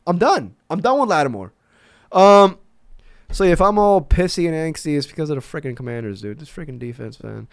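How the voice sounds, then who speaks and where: A man's voice: fairly high pitch, animated, a little fast, creaky, no room sound, clean studio sound. A man giving casual, rambling commentary as a basketball fan, with stammering restarts and profane asides.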